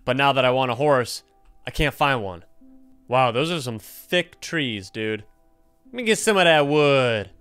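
A young man casually commenting on his own gameplay, excitable and jumpy, chatting to the animals on screen. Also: medium pitch, a little slow, clean tone, faint music behind. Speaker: gaming YouTuber. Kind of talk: casual let's-play commentary.

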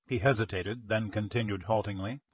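A man narrating a mystery audiobook in a steady, measured storytelling manner. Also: on the low side, slightly rough, no echo. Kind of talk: scripted narration.

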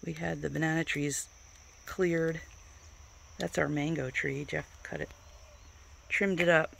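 Gravelly, slow-talking woman on a garden tour. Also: sits low, fairly even intonation, a bit bright, slight background noise. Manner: chatty, points things out while walking. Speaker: vlogger showing her garden. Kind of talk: casual garden tour chat. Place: outdoors in a home garden.

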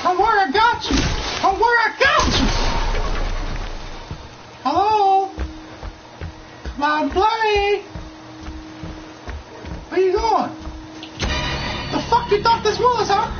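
A woman trash-talking loudly over her gameplay, shouting and laughing at the screen. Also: very high voice. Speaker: gamer. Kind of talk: loud gameplay commentary. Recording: dull capture with game music.

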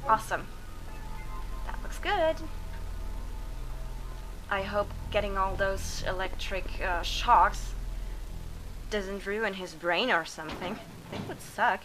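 A woman giving casual let's play commentary, chatty and narrating her own moves, with quick frustrated exclamations. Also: medium pitch, animated, fairly bright tone, faint music behind, poor audio.

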